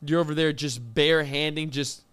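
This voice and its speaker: A high-pitched man tells a story in casual chat. He sounds incredulous and mock-outraged, piling up asides as he goes. His voice sits well above the usual male range. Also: steady tone, normal speed, a bit bright, clear, resonant tone. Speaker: podcast co-host.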